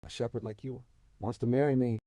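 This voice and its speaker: A man's voice: mid-range voice, fairly even intonation, brisk, dark tone, dry recording, lightly acted. A male storyteller voicing a proud young woman who answers with disdain and mockery. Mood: scornful. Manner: disdainful, mocking.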